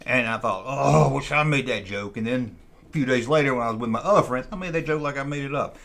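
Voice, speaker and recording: A man's voice: mid-range voice, fast talker, fairly bright tone. A man hosting his channel, telling a childhood story in a rambling, folksy way and often repeating himself. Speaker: channel host. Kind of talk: casual storytelling.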